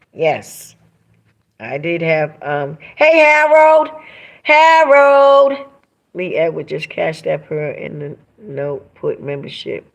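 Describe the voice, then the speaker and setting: A woman hosting a casual live stream from home, reading viewer comments aloud and talking straight to her audience in an emphatic, animated way. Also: low-pitched.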